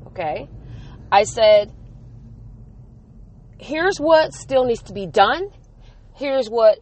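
High-voiced woman venting candidly. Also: slight background noise. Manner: candid, venting, retells conversations in quotes. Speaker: mother vlogging about her day. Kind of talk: casual storytelling monologue.

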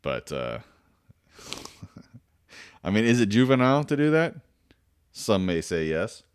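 A man's voice: lowish voice, sing-song, takes it slowly, clean tone, no room sound, studio quality. A man casually telling a personal story, rambling and self-deprecating, with lots of fillers, restarts and swearing.

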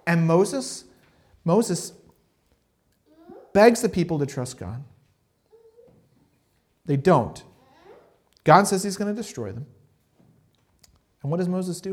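A man's voice: sits high, normal speed, pauses often. A man preaching a sermon in a conversational way, acting out the people he quotes. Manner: conversational, animated, acts out quotes. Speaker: pastor.

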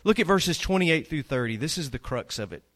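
A man preaching a sermon as pastor, emphatic, swinging between loud peaks and quiet low lines. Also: expressive, a little fast.

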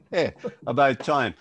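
A man co-hosting a podcast on a video call, speaking hesitantly with halting starts. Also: medium pitch, fairly bright tone, slightly rough. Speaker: podcast co-host. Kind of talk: casual podcast chat.

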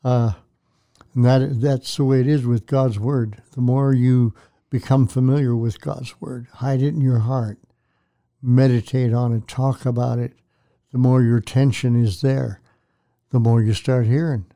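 An older man hosting a Christian talk show, speaking in a measured, preacherly way to his audience. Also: medium pitch, steady tone, mellow, no echo, studio quality. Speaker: host, pastor.

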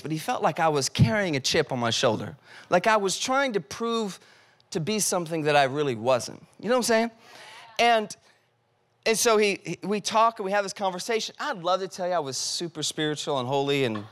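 A man's voice: high-pitched, fairly bright tone. A man preaching a sermon in a loose, conversational way, acting out text messages and his own reactions as he tells a story. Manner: loose, conversational delivery with many filler "like"s. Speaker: pastor.

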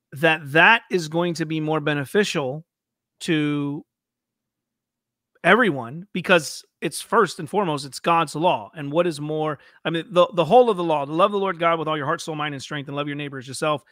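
Bright-voiced thoughtful podcast host. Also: male voice, a little high, no room sound, studio quality. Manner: thoughtful, halting, many fillers. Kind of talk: casual theological discussion.

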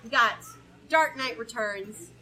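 A woman's voice: fairly high pitch, takes it slowly, sharp tone. A woman moderating a casual comedic debate in a playful, laughing way.

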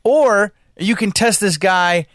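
On a podcast he co-hosts, a man with a high-sitting voice tells a story at a slow pace, swearing and animatedly voicing the people involved. The studio sound is clean with no echo.

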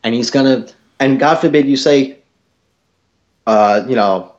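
A young man hosting a podcast, telling a story in a casual, animated way and swearing a lot. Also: medium pitch, a little slow, long pauses, highs cut off. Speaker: podcast host.

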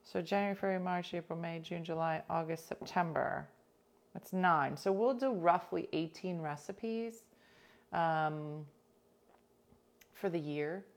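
A woman chatting casually with live viewers, playful and talkative, often dropping into soft asides. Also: fairly low pitch, unhurried. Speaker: livestream host.

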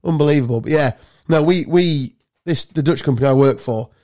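A man from England co-hosting a podcast, telling animated, sweary travel stories in casual chat. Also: fairly high pitch, fairly quick. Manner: swearing storyteller, animated anecdotes. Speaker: podcast co-host.

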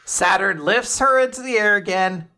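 An excitable man on a podcast, walking through a comic chapter scene by scene and cursing freely. His voice climbs when he gets worked up. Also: high-pitched, normal speed, clear, resonant tone. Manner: animated, retells scenes by quoting characters, swears freely. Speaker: podcast co-host. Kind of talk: casual chat recapping a comic chapter.

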